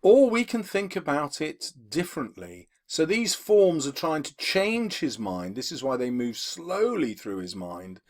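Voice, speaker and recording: A man teaching a literature lesson, explaining poetry for exams in a measured way with occasional fillers. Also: fairly high pitch, very animated. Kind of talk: exam-focused literature lesson video.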